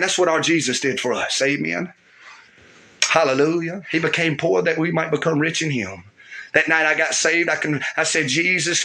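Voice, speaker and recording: A man's voice: on the high side, bright, forceful tone. A man preaching a fervent sermon, repeating himself and throwing in call-and-response asides to the congregation.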